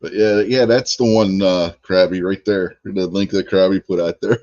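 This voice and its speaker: Podcast co-host, male, very low voice, chuckly storyteller, dry muffled audio. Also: steady tone, moderate pace, darkish tone, no echo. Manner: chuckling, anecdotal, addresses viewers. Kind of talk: casual podcast chat.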